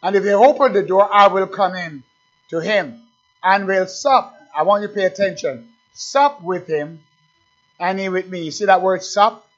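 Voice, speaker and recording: A man with a high voice preaches a sermon as pastor. He presses his points hard, repeating phrases and firing questions at the congregation. The recording sounds dull and lo-fi. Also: moderate pace.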